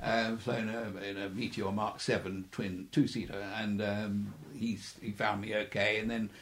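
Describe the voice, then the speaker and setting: A man's voice: on the low side, little pitch movement, a little slow. An older man, a former air force pilot, telling chuckling anecdotes in an interview and acting out the voices of the people in his stories. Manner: chuckling storyteller who acts out quoted voices. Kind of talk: anecdotal reminiscing.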